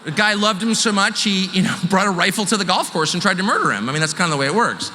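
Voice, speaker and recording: Man, joking onstage monologue, bright voice, somewhat high, hall echo, faint room noise. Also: fast talker. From California. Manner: animated, joking, self-deprecating. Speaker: live show host. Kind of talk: stand-up style monologue to a live audience. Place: large venue with live audience.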